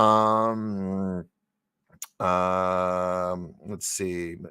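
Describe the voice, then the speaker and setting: A man with a low, gravelly voice hosts a casual livestream and reads viewer comments aloud. He rambles, trails off mid-thought and restarts, with gasps and chuckles between remarks. The sound is dry, with no room echo. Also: slow pace, a bit bright. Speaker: livestream host.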